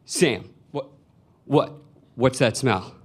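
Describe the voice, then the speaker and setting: A man putting on a fussy, suspicious mom sniffing out a secret, stammering her questions a touch higher and louder. Her manner is nagging and prying. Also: very animated, slow pace, breathy edge, full character voice.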